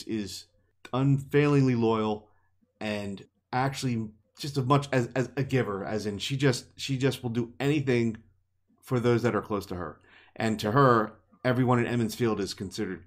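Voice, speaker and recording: A man co-hosting a podcast, casually retelling a fantasy novel chapter with playful quoted voices and laughter. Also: fairly low pitch. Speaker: podcast co-host. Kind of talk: casual book discussion podcast.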